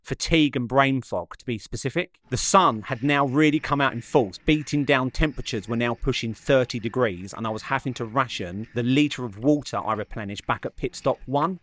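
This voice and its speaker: A man narrating his run afterwards in a measured, slightly dramatic voice-over. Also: mid-range voice, fairly bright tone.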